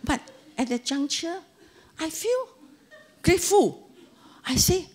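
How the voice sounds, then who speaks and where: A woman in her sixties with a Singaporean English accent gives a Dharma talk built on anecdotes and full of local slang, telling her stories in an animated way. Her voice is very high, and she takes her time.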